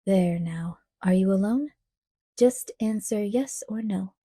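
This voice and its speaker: A woman reading an audiobook, voicing a pleasant-sounding man who politely threatens in a smooth tenor. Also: medium pitch, takes it slowly, warm tone, no echo, studio quality. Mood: calmly menacing. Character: menacing young-sounding male villain, light and friendly.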